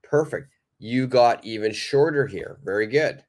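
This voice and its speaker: Slow, patient male English teacher. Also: mid-range voice, darkish tone. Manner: patient, encouraging, reads out viewers' answers and praises them. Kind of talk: live online English lesson.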